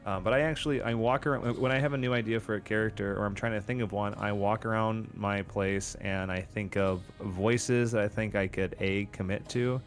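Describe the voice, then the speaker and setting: Male co-host, low voice, animated casual talk, light music bed. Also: brisk, hardly any pauses. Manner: animated, slips into character voices mid-sentence. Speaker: podcast co-host and tabletop player. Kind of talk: casual chat about role-playing.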